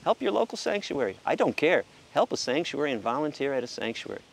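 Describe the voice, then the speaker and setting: A man's voice: medium pitch, big pitch swings, fast talker, creaky. A man speaking passionately about animal sanctuaries in a casual monologue, stammering into restarts and swearing now and then. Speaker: vegan animal rights advocate.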